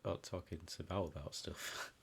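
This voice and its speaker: A man's voice: low-pitched, steady tone, moderate pace, gravelly, a bit bright, a little hiss or hum. A man playing in a tabletop game, rambling and laughing as he describes his character. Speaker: player. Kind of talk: casual tabletop game chat.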